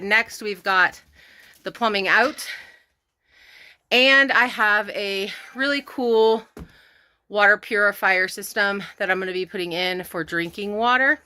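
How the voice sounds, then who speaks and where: A woman wanders her rural cabin homestead indoors and outdoors for a casual walkthrough vlog. Her mid-range voice sounds pushed and bright as she chats, gets a bit winded, laughs frequently and talks to her cats.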